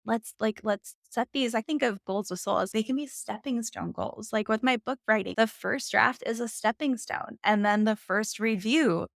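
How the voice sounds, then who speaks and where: A woman's voice: fairly high pitch, moderate pace, vocal fry, few pauses, dry recording, studio quality. A woman author speaking as a podcast guest, reassuring and encouraging as she talks about goals. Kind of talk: casual interview chat.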